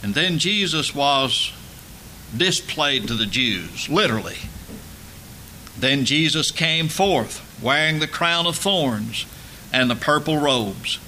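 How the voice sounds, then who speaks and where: A man preaching a sermon, emphatic and building to loud dramatic peaks. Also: fairly high pitch, lively intonation, slow pace, slight background noise.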